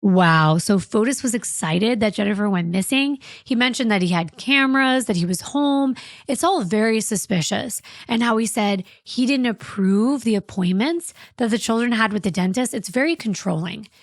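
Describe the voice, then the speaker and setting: Expressive woman hosting a true crime podcast. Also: on the high side, normal speed, no room sound. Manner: expressive, reacting with indignation. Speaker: podcast co-host.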